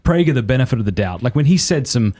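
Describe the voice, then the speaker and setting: A middle-aged man with an Australian accent hosts a podcast. His voice sits at a mid pitch, and his talk is relaxed and jokey. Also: quick pace. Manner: reads viewer comments aloud, jokey. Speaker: podcast host. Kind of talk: casual podcast chat.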